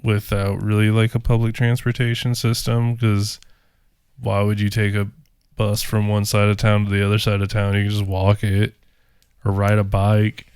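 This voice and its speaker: Male podcast co-host, low smooth voice, rambling casual chat, dry sound. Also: completely flat delivery, normal speed, darkish tone, no room sound. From rural area. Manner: rambling, many fillers.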